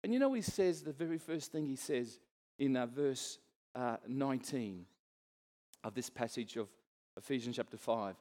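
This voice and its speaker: A man's voice: medium pitch, animated, normal speed, a little mellow, in a large hall. A middle-aged man preaching a sermon as a pastor, earnest and conversational, turning to the congregation with asides.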